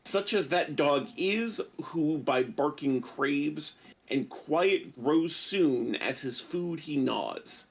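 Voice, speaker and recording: A man reading translated classic verse aloud at a measured pace, then chatting casually as the discussion host. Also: a little high, lively intonation, slightly rough.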